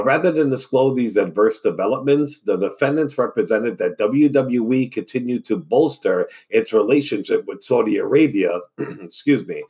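Man, podcast host, casual news read, husky, low-pitched, stumbles over words. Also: a little mellow.

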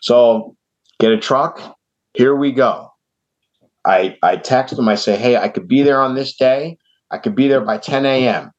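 On a podcast, a New York man with a New York accent unhurriedly tells a long, casual story. He's animated, acting out the people in it by raising his pitch for their quoted lines, all over dull lo-fi podcast audio.

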